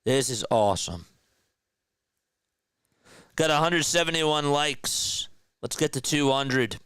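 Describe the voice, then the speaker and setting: A hyped-up man running a live fan play-by-play stream, chatting with his viewers and calling each pitch. His voice is smooth and resonant, recorded close and dry with no room sound. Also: animated, slow, fairly bright tone, dry recording.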